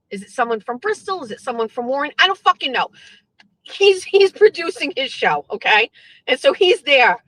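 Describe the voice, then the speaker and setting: A high-pitched woman with a bright, sharp tone rants on her stream, full of profanity and mocking put-on voices. The sound is close and dry, with no room in it. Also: no room sound, poor audio. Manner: profane, animated, mocking impressions. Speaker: streamer host. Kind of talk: ranting commentary.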